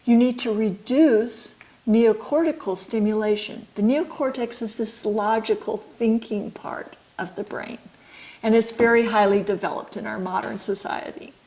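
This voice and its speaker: A middle-aged woman, an author and midwife, explaining her ideas slowly and thoughtfully in an interview. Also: a little high, darkish tone, rough recording.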